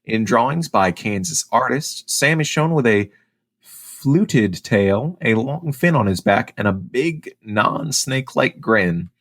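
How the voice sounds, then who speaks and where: A man's voice: medium pitch, animated, slow pace, a bit bright. A man from Ohio co-hosting a casual podcast, reading out notes and teasing his co-host with mock indignation.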